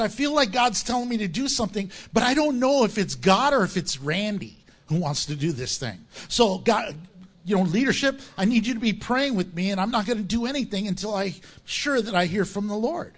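A man, a pastor, preaching a sermon in a jokey way and acting out voices of the people he quotes. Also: sits high.

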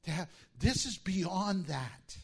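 Animated high-voiced male pastor preaching. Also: slow pace, creaky, breathy edge. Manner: animated, acts out disciples' voices. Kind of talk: sermon.

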